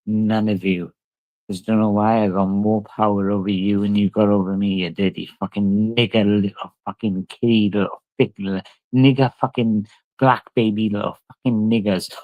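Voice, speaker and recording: Drunk man, streamer, rambling profane rant, lowish voice. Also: dry recording, phone-quality sound. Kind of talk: angry livestream rant.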